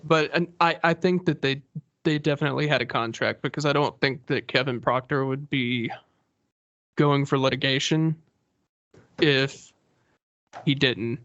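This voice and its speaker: A man's voice: medium pitch, unhurried, pauses often, fairly bright tone, dry recording. A man co-hosting a podcast, talking easily and agreeably with lots of fillers. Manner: easygoing, agreeing, hedging with fillers. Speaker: podcast co-host. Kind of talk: casual chat. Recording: dry, slightly dull lo-fi sound.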